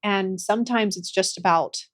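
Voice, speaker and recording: A young adult woman, guest on a podcast interview, speaking gently and earnestly about her healing work, at times getting emotional. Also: mid-range voice, moderate pace. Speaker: guest, somatic practitioner and author.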